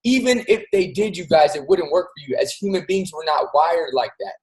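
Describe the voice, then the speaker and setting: A man's voice: fairly high pitch, lively intonation, normal speed, a little mellow, low-quality recording. A man hosting a show, giving an earnest, casual motivational talk straight to his listeners. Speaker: host.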